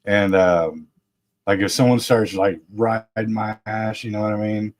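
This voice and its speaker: A man's voice: fairly low pitch, fairly even intonation, a little slow, darkish tone. A man in casual podcast chat, laid-back and chuckling often.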